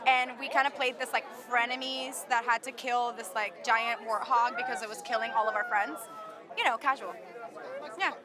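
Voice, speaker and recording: Excited actress from Canada, slightly high woman's voice, street crowd chattering behind; gushing premiere interview. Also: moderate pace. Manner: bubbly, gushing, lots of "like". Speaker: actress at her film premiere. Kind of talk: red carpet interview. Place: outdoor red carpet premiere. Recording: loud crowd noise outdoors.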